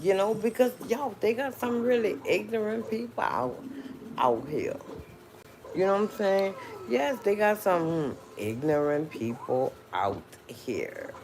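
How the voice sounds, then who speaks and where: A woman's voice: mid-range voice, lively intonation, measured pace, darkish tone, slight background noise. A woman with a New Orleans accent chatting casually to her livestream viewers, drawling and dropping frequent mm-hmms. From New Orleans, Louisiana. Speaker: livestream host.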